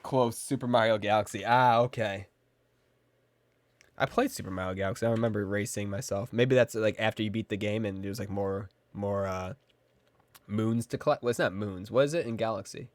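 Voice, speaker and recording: A man livestreaming a video game, commenting casually and excitedly, joking and talking to his chat. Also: on the low side, brisk, no room sound. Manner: excitable, jokey, talks to chat. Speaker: game streamer. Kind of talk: casual live gameplay commentary.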